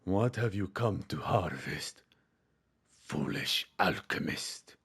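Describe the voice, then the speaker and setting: A man voicing a cold, brooding male reaper knight from a video game, speaking slowly in a low, solemn, menacing tone while reading its lines aloud. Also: animated, gravelly, a bit bright, slightly rough, heavily acted.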